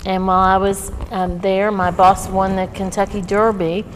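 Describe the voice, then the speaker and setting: A woman's voice: mid-range voice, flat delivery, moderate pace. Earnest woman guest. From West Virginia. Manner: earnest, reflective, with frequent "um" and "you know". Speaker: dinner guest. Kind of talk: casual chat over a dinner table. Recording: reverberant room with some background noise.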